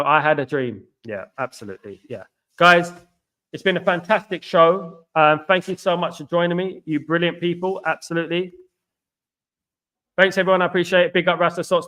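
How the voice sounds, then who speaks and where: Chatty London man reading live chat. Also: fairly high pitch. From London, England. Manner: chatty, repeats phrases, warm shout-outs to viewers. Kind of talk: casual live-stream chat.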